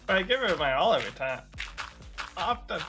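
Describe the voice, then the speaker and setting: A man's voice: high-pitched, very animated, brisk. A man voicing a rambling, folksy small-town buddy during a gaming stream, with music behind. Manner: rambling, folksy turns of phrase.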